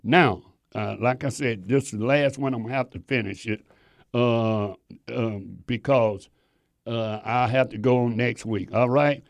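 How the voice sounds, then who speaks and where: A man's voice: mid-range voice, steady tone, a little slow. A man preaching a sermon to his congregation, emphatic and repeating phrases for stress.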